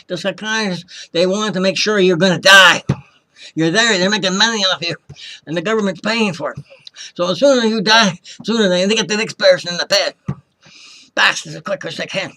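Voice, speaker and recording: A man's voice: sits high, normal speed, pushed and bright. A man telling his own story as a former hospital patient, impassioned and accusing, often repeating himself and acting out the voices of people he quotes. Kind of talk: personal testimony, storytelling.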